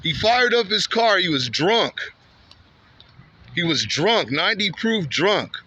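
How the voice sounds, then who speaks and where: Husky, high-pitched, and sing-song, a vlogger from Santa Ana, California takes a slow pace with a sharp tone as he walks a street telling a story, and the highs are cut off in the audio. The telling is rambling, repetitive, and heated, with lots of "man" and "bro" at line ends.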